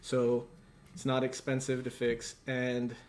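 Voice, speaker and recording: A laid-back man chatting on a live stream as a guest. His talk rambles and trails off, with plenty of fillers. His voice sits at an ordinary middle pitch. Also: completely flat delivery, takes it slowly, slight background noise. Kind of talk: casual live-stream chat.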